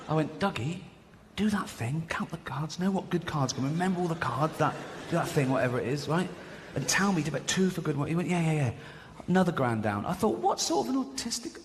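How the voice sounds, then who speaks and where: A man doing a stand-up comedy routine, chatty and mocking, laughing at his own jokes. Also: mid-range voice. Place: large theatre with live audience. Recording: echoey hall with audience noise.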